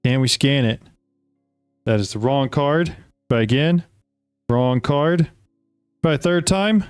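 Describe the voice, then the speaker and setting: Chatty excitable man opening trading cards. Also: medium pitch, takes it slowly, clean tone, no room sound, studio quality, soft background music. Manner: excitable, chatty, talks to the viewers, reads card text aloud. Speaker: card-opening video host. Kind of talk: casual card-opening commentary.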